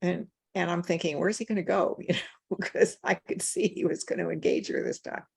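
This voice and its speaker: A woman's voice: fairly low pitch, little pitch movement, normal speed, vocal fry, slightly rough. An older woman on a video call, telling a story in an easy conversational way, acting out the dialogue and chuckling as she goes. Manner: conversational, retells dialogue, chuckles while talking. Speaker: guest speaker. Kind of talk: storytelling anecdote.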